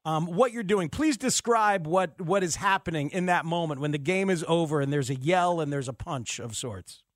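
A man's voice: fairly high pitch, normal speed, no echo, clean studio sound. A man interviewing a player, asking questions in a playful, upbeat way. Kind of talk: morning interview.

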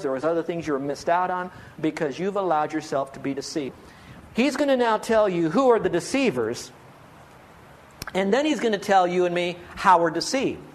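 Man, pastor, sermon, earnest and pleading, high voice. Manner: earnest, pleading, asks many rhetorical questions.

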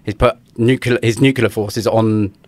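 A man's voice: lowish voice, fairly even intonation, no room sound. A man, co-hosting a podcast in casual chat, with dry jokes. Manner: dry, joking, quick delivery. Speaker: podcast co-host.

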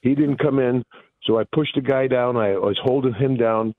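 A man, telling a story as a guest in a phone interview, excitable and booming. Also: normal speed, no room sound. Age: 60s. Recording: tinny phone line.

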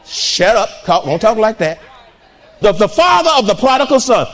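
An older man preaching an impassioned sermon to a church congregation, breaking into shouts and trading call-and-response with the crowd. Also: high voice, very animated, normal speed.

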